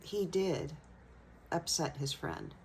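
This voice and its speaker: Slow, low-voiced woman telling a story. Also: slight background noise, rough recording. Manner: gentle, unhurried, reflective. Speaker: elementary school teacher. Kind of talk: personal storytelling talk.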